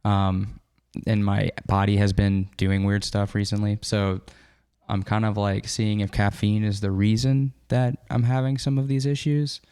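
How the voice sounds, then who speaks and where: A man's voice: on the low side, level tone, measured pace, dark tone, clean tone, dry recording, studio quality. A man in his thirties hosting a podcast, chatting loosely and swearing now and then. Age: 30s. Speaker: podcast host. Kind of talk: casual chat.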